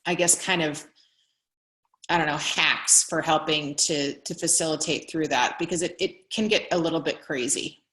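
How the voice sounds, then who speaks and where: A woman's voice: sits low, moderate pace, fairly bright tone. A woman in a workshop on a video call, asking a question hesitantly with many fillers. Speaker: workshop participant. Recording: roomy echo.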